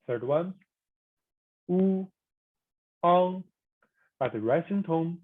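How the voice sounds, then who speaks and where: A language instructor giving a recorded pronunciation lesson, sounding out each syllable slowly and repeating it, with reassuring asides to learners. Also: mid-range voice, expressive. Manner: slow, deliberate, spells out each syllable and repeats it; reassuring, informal teacher asides. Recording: tinny phone-like audio.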